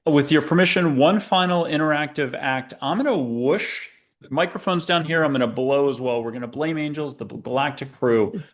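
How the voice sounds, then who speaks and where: On the high side and fairly quick, the man's voice barely pauses as he hosts a spiritual podcast. His guided meditation is casual and rambling, delivered with a playful, chatty tone.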